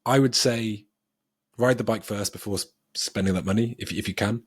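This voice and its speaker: A man's voice: lowish voice, normal speed, husky, dry recording, studio quality. A man co-hosting a podcast, chatting casually and thinking aloud with plenty of ums, often laughing at himself. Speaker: podcast co-host.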